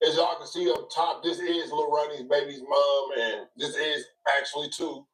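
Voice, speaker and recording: A man commenting on news clips in a measured, reflective way. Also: fairly high pitch, steady tone, fairly bright tone. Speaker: online commentator. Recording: roomy, distant mic.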